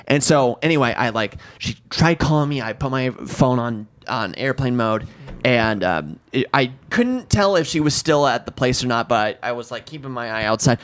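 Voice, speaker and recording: A man's voice: mid-range voice, moderate pace. This is a young man in his twenties telling a story on a casual podcast, with a voice in the middle of the usual range for a man. He talks loosely and swears a lot, and he jumps into the voices of the people in his story as he goes. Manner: animated, swearing, acts out quotes. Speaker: podcast co-host.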